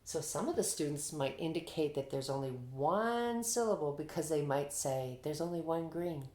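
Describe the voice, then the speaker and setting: A woman with a low voice walks teachers through a reading lesson. She speaks in an upbeat, encouraging way and gives lots of praise. The room sounds echoey around her. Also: normal speed, a little mellow. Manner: upbeat, praising, demonstrates student answers. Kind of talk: instructional explanation to teachers.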